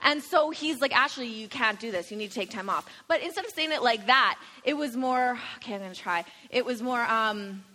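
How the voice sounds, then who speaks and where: A woman's voice: a little high, animated, a little fast, hardly any pauses, sharp tone, big-room sound, poor audio. A woman teaching at a church service, chatty and teasing, laughing often as she talks. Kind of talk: sermon with light banter.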